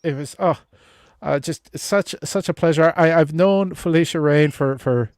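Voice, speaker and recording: A man's voice: on the high side, a little slow, darkish tone, no room sound, clean studio sound. A man hosting a relationship advice livestream, chatting casually with viewers and guests, stumbling over restarts and swearing freely. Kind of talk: casual livestream chat reading viewer comments.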